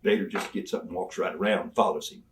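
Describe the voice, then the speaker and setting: An older man, telling animated, folksy stories as an interview guest and laughing along the way. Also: low voice, quick pace. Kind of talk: storytelling in a sit-down interview.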